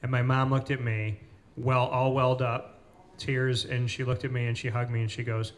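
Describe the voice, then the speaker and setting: A man hosting a casual interview in a cafe, telling stories with lively retellings of what people said. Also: mid-range voice, normal speed. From Central New York. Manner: animated storyteller, acts out quoted people. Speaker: host.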